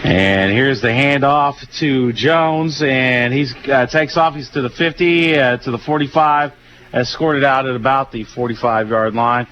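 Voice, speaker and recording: A tired male radio announcer with a Southern twang, calling a football game play by play in a relaxed, folksy way with many fillers. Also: mid-range voice, unhurried, a little hiss or hum. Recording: dull lo-fi radio broadcast.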